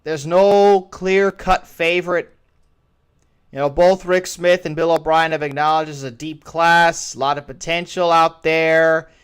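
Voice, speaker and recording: Man, sports talk host, opinionated, rambling, smooth clear tone. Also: a little high, steady tone, measured pace, fairly bright tone. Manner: rambling, restarts phrases often. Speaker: podcast host. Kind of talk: solo sports commentary.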